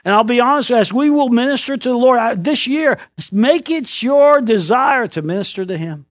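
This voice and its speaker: Lively, joking male preacher. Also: extremely high pitch, normal speed, dry recording, clean studio sound. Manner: animated, joking storyteller with loud outbursts. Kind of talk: sermon.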